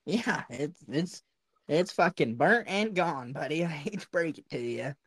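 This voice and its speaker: A man's voice: a little high, expressive, unhurried, fairly bright tone, breathy edge, dry recording. A man hosting a casual chat, profane, laughing often. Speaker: podcast host.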